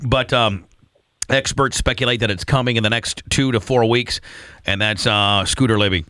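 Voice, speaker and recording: A man's voice: mid-range voice, fairly even intonation, moderate pace, bright, forceful tone, smooth, dry recording, clean studio sound. A man hosting a radio show in casual banter, rambling and repeating himself. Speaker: radio host.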